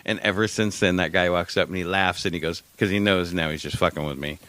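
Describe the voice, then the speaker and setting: A man's voice: deep voice, fairly even intonation, fast, bright, forceful tone, no room sound. A middle-aged man co-hosting a casual podcast, rambling through a story, losing his thread and cracking jokes. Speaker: podcast co-host. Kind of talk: casual chat.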